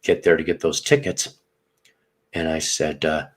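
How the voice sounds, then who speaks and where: A man's voice: a bass voice, fairly even intonation, normal speed. A middle-aged man from Northern Illinois, casually telling a profane story and acting out the dialogue. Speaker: podcast host.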